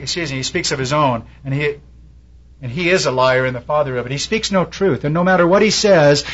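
A man's voice: on the high side, a bit bright, slightly rough. A man preaching a sermon as pastor, telling a story from his congregation with feeling and acting out the people in it. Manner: storytelling preacher, quotes people in raised voices. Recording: dull lo-fi recording.

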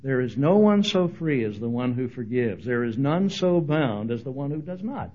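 A man preaching a sermon as pastor, animated and humorous, acting out the voices he quotes. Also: medium pitch, moderate pace, lo-fi sound.

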